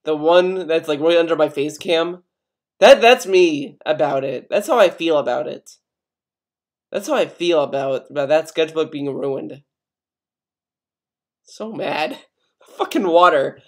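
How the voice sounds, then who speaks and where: A man's voice: on the high side, a little slow. A young man commenting casually on a video, rambling, swearing a lot and putting on mock outrage. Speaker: commentary youtuber.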